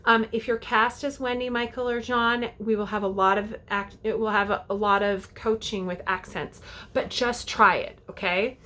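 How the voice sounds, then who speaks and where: A woman's voice: medium pitch, fairly even intonation, normal speed, sharp tone. A woman directing a youth theater, giving casual, chatty audition instructions to parents and kids, often checking in with "okay?".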